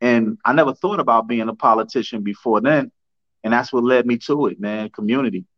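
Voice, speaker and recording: A man's voice: medium pitch, a little fast. New guy telling stories on a podcast, laid back and slangy, kinda dull lo-fi sound. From New Jersey. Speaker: guest, councilman and rapper. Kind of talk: casual interview talk.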